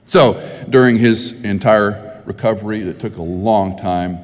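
A man's voice: fairly low pitch, a little slow. A middle-aged man preaching a sermon as pastor, telling stories conversationally and growing emphatic. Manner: conversational storytelling, rising to emphatic. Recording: hall with long reverb.

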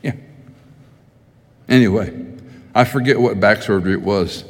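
Speaking unhurriedly in a voice on the low side, a middle-aged man preaches as a pastor, his conversational storytelling rising to emphasis. The sermon echoes with long reverb in a hall.

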